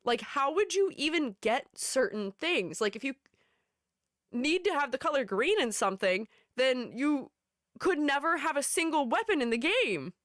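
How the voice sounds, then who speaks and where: A woman's voice: sits high, very animated, moderate pace, a bit bright, no echo, clean studio sound. A woman streamer chatting casually and rambling with her audience, giggling often. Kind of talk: casual live-stream chat.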